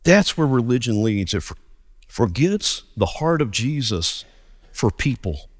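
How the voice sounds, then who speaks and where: A man, a pastor preaching a sermon and telling stories with lively acted dialogue. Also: medium pitch, measured pace, big-room sound. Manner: animated storytelling, acts out dialogue.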